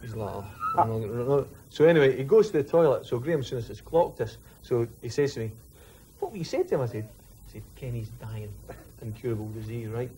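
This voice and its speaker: A man, a former footballer telling a lively anecdote in an interview. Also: mid-range voice, fast talker, breathy edge. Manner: animated, mimics others while telling a story. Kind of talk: storytelling anecdote.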